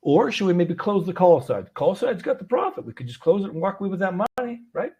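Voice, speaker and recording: Husky-voiced man hosting a trading call. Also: high-pitched, big pitch swings, fast, dark tone. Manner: loose, thinking aloud with frequent fillers. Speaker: host of a trading webinar. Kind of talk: live conversational market talk. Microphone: video call.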